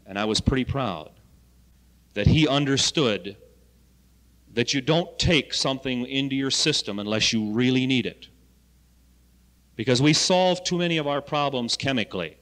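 A man's voice: medium pitch, lively intonation, moderate pace, pauses often, a bit bright. A man giving an anecdotal lecture to students as a health education coordinator, asking rhetorical questions and telling folksy stories. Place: lecture hall. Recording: reverberant hall, 1970 archive recording.

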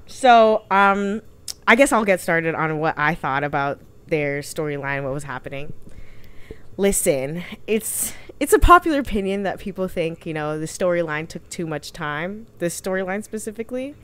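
A female podcast co-host chats casually with a lowish, expressive, smooth voice that's fairly bright in tone. She talks freely at a normal speed, full of fillers and restarts.

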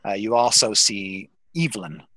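A man narrating a tabletop game as dungeon master, halting with many fillers. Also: on the low side, pushed and bright, no room sound, poor audio.

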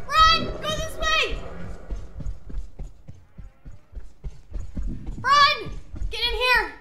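A woman host giving casual gameplay commentary, excitable and quick to shriek and yell when scared. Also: on the low side, noisy background. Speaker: gaming video host. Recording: echoey room.

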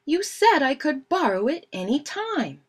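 A woman reading aloud, voicing a meek young boy bear cub in a storybook who talks sheepishly and gently. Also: mid-range voice, very animated, slow pace. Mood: eager.

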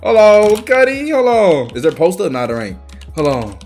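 A young man giving excitable, swearing gameplay commentary as a video host, trash talking the other players and breaking into yells. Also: high voice, moderate pace, soft background music. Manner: excitable, swearing trash talk with bursts of yelling. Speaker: gaming YouTuber.

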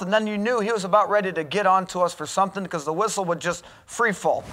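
A man's voice: sits high, fairly bright tone. A man preaching a sermon in a college chapel, earnest and exhorting, pressing his points with rhetorical questions.

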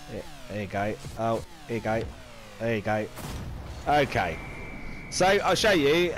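A man with a Northern English accent chatting playfully as he plays and commentates on a video game. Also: medium pitch. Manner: chatty, playful, exclaims and sings little phrases. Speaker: gaming video host. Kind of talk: casual gameplay commentary.

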